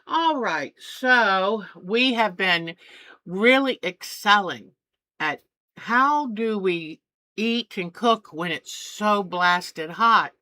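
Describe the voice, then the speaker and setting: Slow-talking chatty older quilter woman. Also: medium pitch, animated, sharp tone, no room sound. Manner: rambling and homey, with many fillers and restarts. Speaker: quilting channel host. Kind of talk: casual chat.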